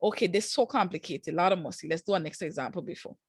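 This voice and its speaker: A woman's voice: on the low side, racing, breathy edge, no echo. A woman teaching a live online math class, walking students through each step in a casual, encouraging way with slang asides.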